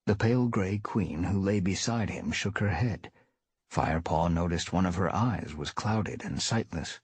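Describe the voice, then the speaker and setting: Husky, low man reading a story live, animated delivery, dry close sound. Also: moderate pace, no echo. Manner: lively, shifting voices for characters. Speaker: reader.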